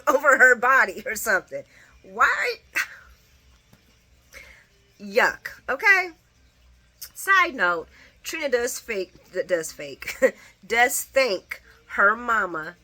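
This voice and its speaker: Animated woman with a lively, bright voice. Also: fairly high pitch. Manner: animated, opinionated, laughs often, cursing. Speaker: soap opera recap vlogger. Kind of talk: casual spoken recap.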